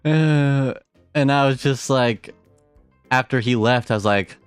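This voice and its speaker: A man's voice: on the low side, fairly even intonation, a little fast, clear, resonant tone, no room sound, soft background music. A young man chatting casually on a live stream, rambling through stories and laughing often.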